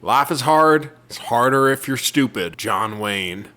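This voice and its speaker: A man putting on a southern accent to voice scornful redneck commenters, loud, drawn-out and mocking. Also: mid-range voice, lively intonation. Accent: Southern US, put on.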